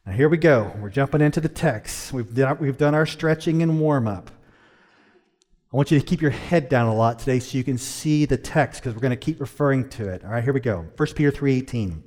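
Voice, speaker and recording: A middle-aged man preaching a sermon as pastor, earnest, slowing his pace to stress key lines. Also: mid-range voice, darkish tone. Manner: earnest, varies pace, slows down for emphasis.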